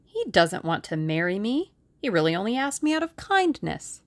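A woman's voice: medium pitch, sing-song, normal speed, natural voice. A woman voicing a playful young Englishwoman in an audiobook, with a lilting, coy delivery. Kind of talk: audiobook character reading.

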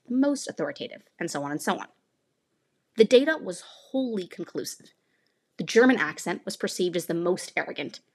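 Teen girl podcast host, kinda husky voice, bouncy lively pitch, jokey little asides. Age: late teens. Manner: playful, teasing asides. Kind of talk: scripted podcast monologue.

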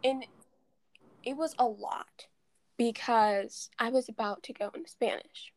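High-pitched woman telling animated stories. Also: a little slow, no room sound. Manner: animated storytelling, quotes others in mimicking voices. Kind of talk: casual chat.

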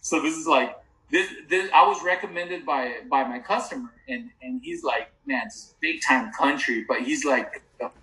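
A man's voice: a little high, animated, moderate pace, creaky, bright, forceful tone, roomy sound, rough recording. A middle-aged man in casual podcast chat, telling a long rambling story with frequent restarts and laughs. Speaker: podcast co-host.

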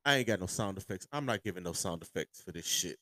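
A man hosting a podcast with a sore throat, ranting casually and profanely about sports, heating up to shouts. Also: low-pitched, no echo. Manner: profane, heated, rising to shouts. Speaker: podcast host.

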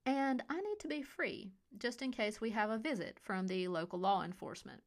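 A woman's voice: medium pitch, lively intonation, normal speed, lightly acted. Woman doing an icy smug male boss. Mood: cool. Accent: Californian. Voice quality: icy, detached. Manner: smug, menacing, mocking. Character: cold scheming male resort boss. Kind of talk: audiobook character voice.

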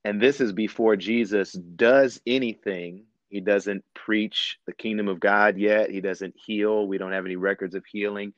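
A preacher describing a devotional practice in a reflective, unhurried way, with many fillers. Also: male voice, lowish voice, steady tone, dry recording, dull audio. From Ohio. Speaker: guest preacher. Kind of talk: phone-in devotional talk.

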